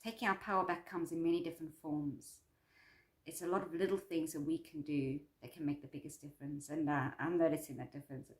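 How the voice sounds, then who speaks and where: A woman's voice: low-pitched, steady tone, brisk, reverberant. A woman doing a personal check-in vlog about her course, talking in a rambling, repetitive, upbeat and self-affirming way. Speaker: vlogger and course creator.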